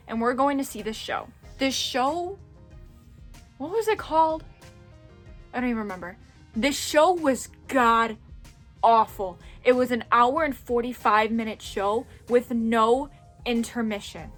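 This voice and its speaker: A young adult woman vlogger telling a story in casual chat, animated and chatty, swearing freely and acting out what people said. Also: on the high side, a little slow, soft background music.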